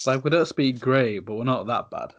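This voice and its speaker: A man's voice: mid-range voice, lively intonation, normal speed, muffled recording. Chatty Yorkshire podcast host, a man. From Yorkshire, England. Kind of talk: casual podcast chat.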